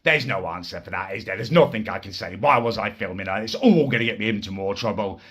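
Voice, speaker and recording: A man's voice: fairly low pitch, quick pace, a bit bright, slightly rough. A man telling a crude comic story in an indignant, exasperated rant. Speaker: comedic ranter. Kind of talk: ranting comic monologue.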